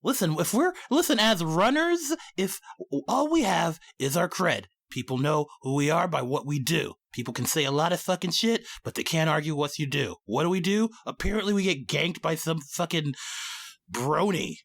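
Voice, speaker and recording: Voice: mid-range voice, animated, moderate pace, creaky, a bit bright. Player voicing a foul-mouthed cocky moon runner. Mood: angry. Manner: swears constantly, riled up. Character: cocky male moon-born runner, hot-tempered.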